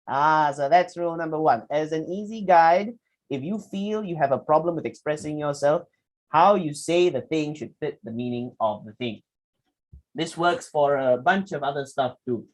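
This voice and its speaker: A man's voice: on the high side, moderate pace, low-quality recording. A young man giving a public speaking lesson, acting out example sentences with exaggerated intonation. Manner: animated, acts out example lines with exaggerated intonation. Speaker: public speaking workshop presenter. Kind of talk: lecture to students.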